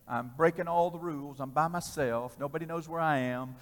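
Male preacher, storytelling sermon, swings from loud to hushed, reverberant hall. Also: fairly high pitch, brisk.

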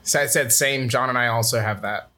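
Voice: mid-range voice, steady tone, fairly quick, sharp tone. A podcast co-host in a casual chat, adding short quips and laughing often.

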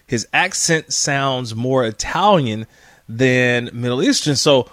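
A man co-hosting a casual chat show, lively and quick to laugh, repeating words as he thinks aloud. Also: medium pitch, dry recording, clean studio sound. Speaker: co-host reading listener questions.

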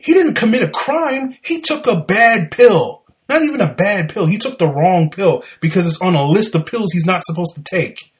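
Animated man arguing football plays. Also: sits high. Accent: Southern US. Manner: animated, exasperated and argumentative. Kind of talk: casual sports commentary.

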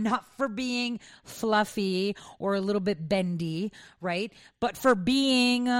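A woman's voice: mid-range voice, fairly bright tone, no echo, clean studio sound. A middle-aged woman from New York hosting an opinionated commentary monologue, conversational and pointed with frequent asides. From New York, United States. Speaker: commentary host.

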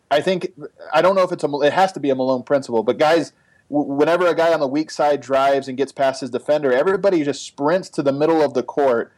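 A man's voice: fairly high pitch, darkish tone, no room sound, low-quality recording. A man co-hosting a basketball podcast, giving casual analysis and thinking aloud with frequent restarts. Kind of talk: casual sports analysis chat.

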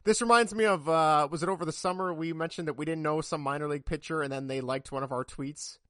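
A man's voice: fairly high pitch, steady tone, fast, pushed and bright, dry recording, clean studio sound. A man co-hosting a casual sports podcast, rambling and joking, often laughing at himself. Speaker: podcast co-host.

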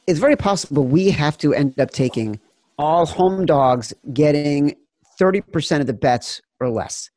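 A man's voice: a little high, a little mellow, no room sound, studio quality. A man from the Chicago suburbs hosting a casual sports betting chat, fired up and profane. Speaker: podcast host.

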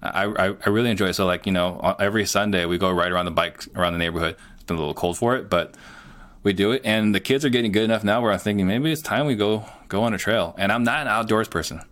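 Man, middle-aged, podcast guest, low voice, earnest, plain-spoken. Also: fast, fairly bright tone. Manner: earnest, plain-spoken, frequent "you know" fillers. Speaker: guest, real estate entrepreneur. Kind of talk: casual interview talk.

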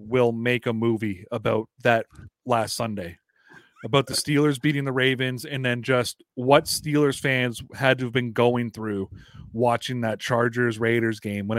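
Male co-host, loose joking sports banter, dry close sound, medium pitch. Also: no echo. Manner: joking, animated, swears. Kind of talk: casual sports chat.

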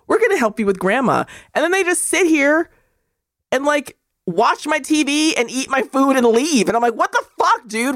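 A woman's voice: fairly high pitch, no echo, studio quality. A woman co-hosting a podcast, telling profane, exasperated stories with bursts of laughter. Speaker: podcast co-host. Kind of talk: casual chat.

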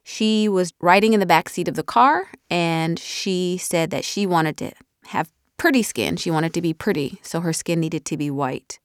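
Woman author, 30s, casual animated chat, lowish voice, dead-dry booth. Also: normal speed, few pauses, clean tone, no echo. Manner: animated, chatty, drops softly at the ends of thoughts. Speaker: author talking about her audiobook. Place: recording booth. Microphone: studio mic.

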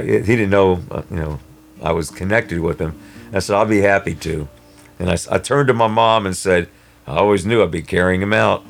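A man telling a personal story in a rambling, halting way with many restarts. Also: sits low, vocal fry, soft background music. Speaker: storyteller guest. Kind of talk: casual spoken storytelling.

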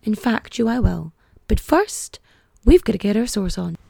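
A woman's voice: mid-range voice, big pitch swings, moderate pace, vocal fry, mellow, no echo. A young woman hosting a podcast, rambling and chatty, packing her talk with "like". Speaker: podcast host. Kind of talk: casual podcast chat.

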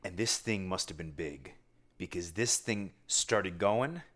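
A man with a somewhat low voice tells a long story in relaxed podcast chat. He rambles, restarts, and pokes fun at himself while keeping the energy up. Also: measured pace. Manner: animated, rambling, self-mocking. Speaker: podcast co-host telling a fishing story.

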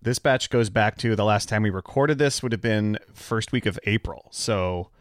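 A man's voice: fairly low pitch, normal speed, dry recording, clean studio sound. A man who produces and co-hosts a casual podcast, upbeat and jokey as he runs through announcements.

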